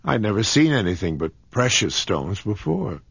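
Brief: man reading as a young heiress, high and husky, sheepish and dreamy, audiobook. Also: very animated, moderate pace, fairly bright tone, no echo, dull audio, exaggerated voice. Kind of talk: audiobook character voice.

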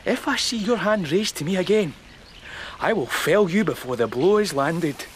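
A man's voice: sits high, lively intonation, moderate pace, a little hiss or hum, low-quality recording. An actor with a Scottish accent playing a resentful young policeman son with a cutting, accusing way of talking. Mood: menacing.

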